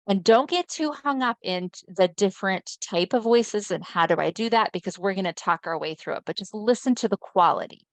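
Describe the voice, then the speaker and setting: A woman's voice: mid-range voice, a little fast, few pauses, no echo. Chatty woman presenting a webinar. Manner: conversational, often checks in with listeners. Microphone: video call mic.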